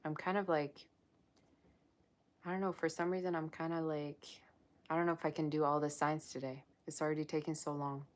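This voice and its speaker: A woman's voice: sits low, flat delivery, fairly quick. A woman giving a live-streamed tarot reading, chatty and effusive as she gushes over the cards. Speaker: tarot reader.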